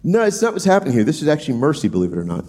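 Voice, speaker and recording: A man's voice: very fast, husky. A man preaching an expository sermon, talking it through casually with frequent restarts and acting out quoted pleas. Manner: animated, acts out quoted pleas in a high voice; conversational, repeats words as he thinks aloud. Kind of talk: expository Bible teaching.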